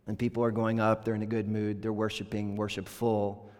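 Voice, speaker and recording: A man's voice: on the low side, completely flat delivery, a little fast, darkish tone. A man preaching a sermon as pastor, talking conversationally and voicing the scripture quotes with rising intensity. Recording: long reverb of a large hall.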